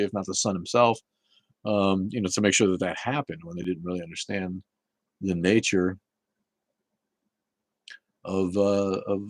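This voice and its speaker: Man, host, live chat show, low-pitched, rambling, profane, stuttering restarts, dry close sound. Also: no echo, rough recording. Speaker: talk show host reading viewer chat. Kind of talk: casual live call-in chat.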